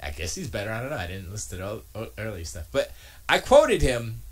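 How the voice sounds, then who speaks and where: Animated man ranting casually. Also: fairly low pitch, fast talker, husky. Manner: animated, restarts a lot, mocking asides. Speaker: streamer and podcast host. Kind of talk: casual rambling commentary. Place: home studio.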